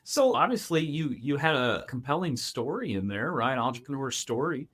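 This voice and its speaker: A male podcast host with an animated, lively voice that rises and falls a lot. He keeps the talk going with quick, encouraging affirmations and open questions. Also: medium pitch, slightly rough. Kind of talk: interviewer, casual chat.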